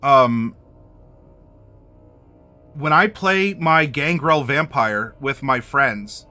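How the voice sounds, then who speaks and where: A man hosting a game master workshop, talking to camera and addressing the viewer directly in an animated way. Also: mid-range voice, drawn-out words, soft background music. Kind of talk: instructional talk to camera.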